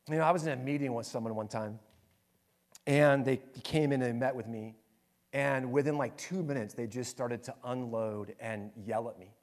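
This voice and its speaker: A male pastor giving a sermon, telling stories in an animated way and swinging between raised, lively bursts and soft, hushed passages. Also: medium pitch, moderate pace.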